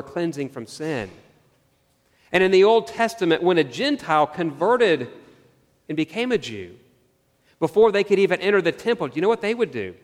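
A man preaching a sermon, earnest and searching, asking his listeners questions and slowing down on key phrases. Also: on the high side, long reverb tail. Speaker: pastor.

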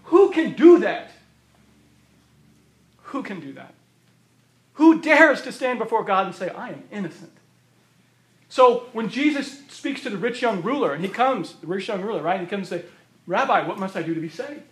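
A man preaching a sermon, emphatic and repeating phrases for stress, his voice going hoarse. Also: high-pitched, lively intonation, fairly quick, fairly bright tone. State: losing his voice. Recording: roomy echo of a hall.

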